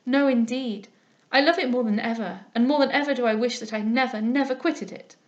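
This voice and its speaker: A woman's voice: on the high side, brisk, muffled recording, natural voice. A woman reading aloud, voicing an anxious, flustered young woman who protests eagerly. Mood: agitated.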